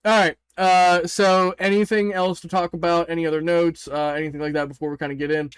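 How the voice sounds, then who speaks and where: A man's voice: on the high side, level tone, brisk, smooth, no echo. A man running a tabletop game as game master, chatting casually with his players and laughing often.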